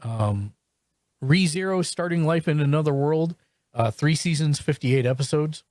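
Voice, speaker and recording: Halting man on a dry mic. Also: on the high side, a little mellow, dry recording. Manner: halting, full of restarts and fillers. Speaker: podcast host. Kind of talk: casual chat reviewing shows.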